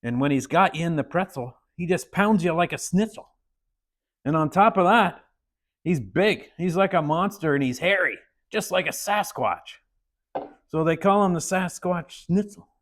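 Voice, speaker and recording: A man's voice: a little high, lively intonation, normal speed, a bit bright, pitched above the performer's own voice. A man putting on the voice of a worried middle-aged wrestling coach who keeps giving anxious, emphatic warnings.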